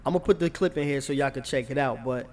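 A man's voice: medium pitch, fast. A man hosting a podcast, a comedian talking in a laid-back casual way and often checking in with the listener. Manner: laid-back, repeats "you know what I'm saying". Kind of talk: casual chat.

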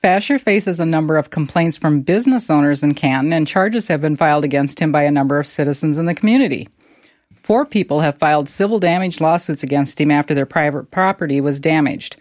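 A woman's voice: deep voice, fairly quick, darkish tone, dry recording, clean studio sound. A woman co-hosting a podcast, reading out odd news stories and often breaking into laughter. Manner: reads aloud, breaks into laughter.

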